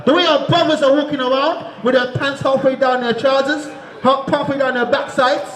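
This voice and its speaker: A man preaching to a crowd in the street, shouting and calling on listeners to answer, asking again and again if they understand. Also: extremely high pitch, steady tone, brisk. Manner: repeats "you understand?". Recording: echoey, crowd noise behind.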